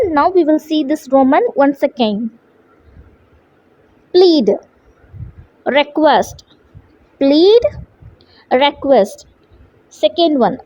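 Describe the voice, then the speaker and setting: Woman teacher, Indian English accent, slow deliberate letter-by-letter delivery, dry close sound. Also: high-pitched, darkish tone, dry recording. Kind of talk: classroom English lesson. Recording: dull lo-fi sound.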